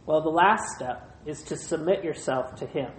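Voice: mid-range voice, slight background noise. Preacher in a roomy echo. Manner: measured preaching in short phrases, retelling scripture. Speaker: pastor. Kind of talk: sermon.

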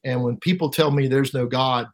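A middle-aged man giving an emotional personal testimony as an interview guest, halting and repeating words, his voice rising sharply at painful moments. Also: mid-range voice, fairly even intonation. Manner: halting, repeats words, voice rises sharply when reliving pain.

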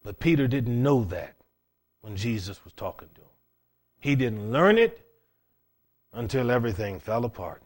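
A man preaching a folksy, plain-spoken sermon with storytelling, swinging between loud and hushed passages. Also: medium pitch, very animated, normal speed, long pauses.

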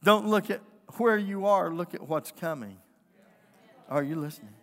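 High-voiced impassioned male preacher, hall echo. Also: normal speed. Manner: impassioned, builds to shouting. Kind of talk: sermon. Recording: long hall reverb.

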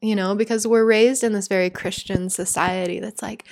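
A woman's voice: mid-range voice, steady tone, normal speed, creaky, no room sound, studio quality. A woman talking earnestly and emotionally through a reflective spiritual monologue, chatty and heartfelt. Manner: earnest, emotional, conversational, many "like"s.

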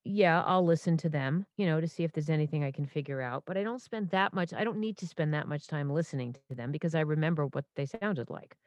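A woman in her fifties, a stage performer and impressionist, telling stories in an animated way full of restarts and asides. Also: deep voice, fast, few pauses, no echo. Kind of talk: casual interview storytelling.

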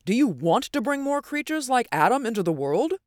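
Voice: mid-range voice, a little slow, darkish tone, no echo, clean studio sound, lightly acted. A reader voicing a jealous, indignant young man who speaks urgently and pleads in an audiobook reading.

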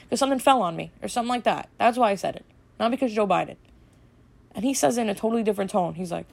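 A woman hosting a casual solo podcast, rambling and chatty with lots of fillers, a little snarky and brisk. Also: mid-range voice, lively intonation, creaky, a little mellow. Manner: rambling and chatty, full of "like" and "you know"; brisk, slightly snarky delivery. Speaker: podcast host.

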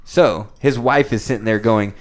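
A man's voice: on the low side, normal speed. A young man in casual podcast chat, telling a story animatedly, acting out quotes and swearing a lot.

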